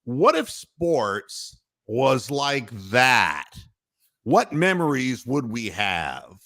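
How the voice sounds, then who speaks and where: A man hosting a casual sports talk podcast, telling stories in an animated way with bursts of mock outrage and frequent laughter. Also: mid-range voice, extremely slow. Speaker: podcast host.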